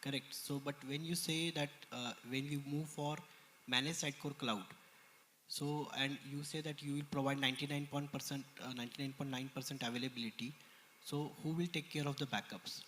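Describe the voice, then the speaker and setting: A man's voice: medium pitch, fairly even intonation, a little fast, fairly bright tone. A man in a conference audience asking a presenter persistent technical follow-up questions. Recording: reverberant conference hall, faint noise.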